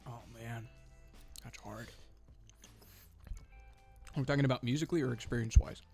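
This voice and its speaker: A man's voice: mid-range voice, fairly even intonation, normal speed, a little mellow, faint music behind. A young man chatting casually while eating very hot wings, his voice strained and a little breathless. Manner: strained, breathless from spicy food. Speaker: youth group co-host. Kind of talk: casual hot wing challenge chat.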